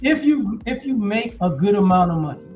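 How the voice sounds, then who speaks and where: A man in his forties giving a blunt, profane, animated casual monologue. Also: high voice, brisk, soft background music, poor audio. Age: 40s. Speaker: commentator.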